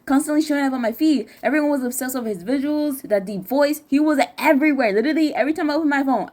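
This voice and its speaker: A woman's voice: high voice, quick pace, few pauses, a little mellow. A young American woman vlogging in casual chat, rambling and slangy, often correcting herself mid-sentence. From United States.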